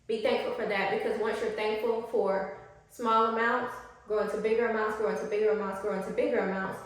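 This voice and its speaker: A woman life coach teaching casually, animated and slangy, acting out quotes from people she describes. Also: far from the mic. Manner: animated, slangy, acts out high-pitched quotes. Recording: very echoey room.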